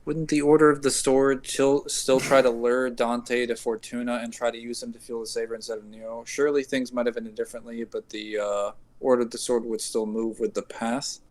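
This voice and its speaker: A man's voice: mid-range voice, level tone, fairly quick, few pauses. A man hosting a casual chat, reading viewer comments and thinking aloud through game lore with lots of fillers.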